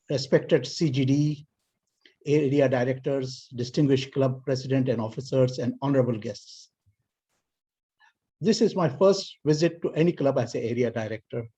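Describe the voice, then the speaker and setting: A man from South Asia giving a formal speech to a club as area director, weaving in an animated story. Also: slightly rough. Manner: animated storyteller, voices characters in higher pitch. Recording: dull lo-fi video call audio.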